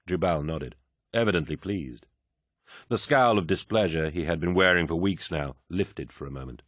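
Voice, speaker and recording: Audiobook narrator: a man with a very low voice, even delivery, dry studio sound. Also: normal speed, no echo. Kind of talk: scripted narration.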